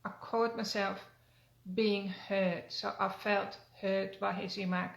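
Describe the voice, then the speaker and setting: Older woman, gravelly, flat self-help talk. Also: mid-range voice, slow. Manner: gentle, earnest, with frequent fillers and restarts. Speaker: wellness coach. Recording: roomy echo.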